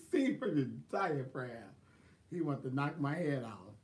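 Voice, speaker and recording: Man, sassy casual storyteller, laughs a lot, slightly high voice. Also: slow. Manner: sassy, animated, laughs often, quotes people in exaggerated voices. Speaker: vlogger.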